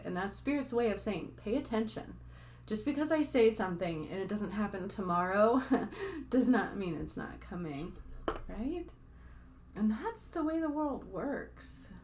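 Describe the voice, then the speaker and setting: In an animated, mid-range voice at a moderate pace, a woman who works as a spiritual healer chats casually to camera. She rambles with lots of fillers and asides to viewers. A little hiss or hum can be heard.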